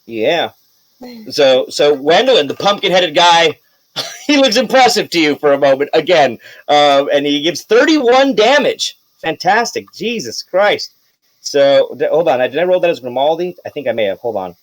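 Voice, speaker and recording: Game master, male, slightly raised pitch, loose rambling narration for a tabletop game. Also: no room sound, poor audio. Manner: relaxed, rambling narration with fillers and quick bursts.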